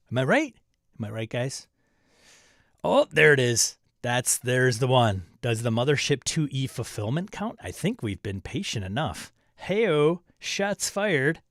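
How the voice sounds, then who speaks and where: A chatty man hosts a casual livestream about tabletop games, reading out viewer comments and bantering back. His voice sits mid-pitch for a man and is recorded close and dry, with no room sound. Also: dry recording. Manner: chatty, reads viewer comments aloud and jokes around. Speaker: livestream host reading chat. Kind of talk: casual chat.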